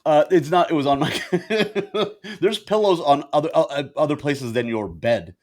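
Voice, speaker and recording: A man co-hosting a podcast, telling stories in animated casual banter and laughing often, recorded over a video call. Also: on the high side, normal speed. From Indian family. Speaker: podcast co-host. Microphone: video call with ring light.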